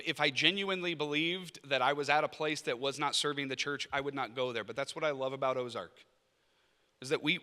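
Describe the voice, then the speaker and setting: Man, professor type, casual funny presentation at a lunch, sharp forceful tone, echoing hall. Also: on the high side. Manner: conversational and humorous, acts out quoted people. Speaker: professor leading a master's program. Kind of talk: informal presentation at a lunch event. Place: indoor event room at a lunch. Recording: reverberant hall sound.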